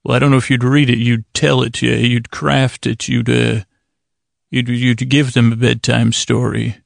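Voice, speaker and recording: Gravelly, rambling sleep podcast host man. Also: medium pitch, little pitch movement, unhurried, dry recording, clean studio sound. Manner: stammering, self-interrupting, wry. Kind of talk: rambling casual monologue.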